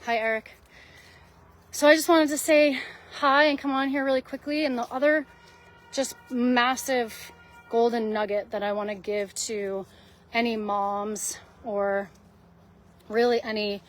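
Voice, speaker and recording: A woman's voice: fairly high pitch, steady tone, a little slow, long pauses. A woman hosting a live video, talking earnestly to her viewers in a rambling, heartfelt way, full of fillers and restarts, close to tears at times. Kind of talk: heartfelt casual monologue to viewers.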